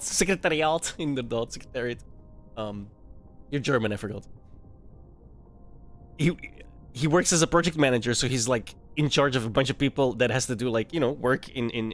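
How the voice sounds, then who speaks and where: Laughing, swearing young guy streamer. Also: medium pitch. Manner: laughs often, swears freely, many restarts. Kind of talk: casual storytelling to a live chat. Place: home streaming setup.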